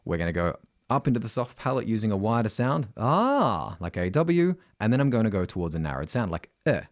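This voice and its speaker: A middle-aged Australian man teaching singing, talking directly and often asking "right?", breaking into loud high sung demonstrations. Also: very animated, fast, no echo, clean studio sound.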